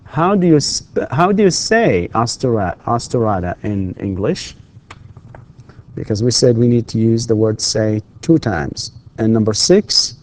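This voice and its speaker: A man's voice: mid-range voice, big pitch swings, unhurried. A male university English lecturer, giving a recorded lesson and patiently repeating questions for his students. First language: Arabic.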